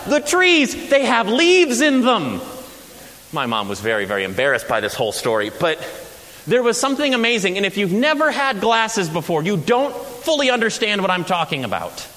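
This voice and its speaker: A man's voice: high-pitched, a little fast. A man preaching a sermon as pastor, telling stories with humor and energy. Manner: animated storytelling with humor. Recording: echoey hall with faint hiss.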